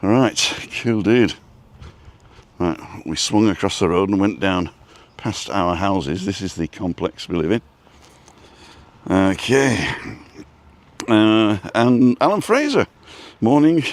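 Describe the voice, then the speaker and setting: Deep-voiced chatty man. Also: lively intonation, slow pace, dry recording. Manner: rambling, chatty, greets viewers by name. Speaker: vlog host. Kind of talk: casual live-stream chat while walking. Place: outdoors, walking down a street. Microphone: phone on a selfie stick.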